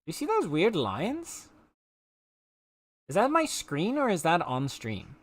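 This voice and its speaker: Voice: medium pitch, huge pitch swings, slow pace, dry recording. A game streamer chatting casually with viewers while playing, playful and teasing. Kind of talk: casual live-stream chat while gaming.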